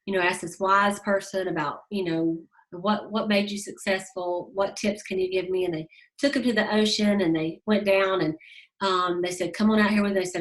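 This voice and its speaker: A woman with a drawl talks casually to her team, encouraging them through stories. She fills pauses with "um" and "you know" and repeats key lines for emphasis, at an ordinary middle pitch. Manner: storytelling, many fillers, emphatic repetitions. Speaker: sales team leader giving a motivational talk. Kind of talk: casual motivational talk.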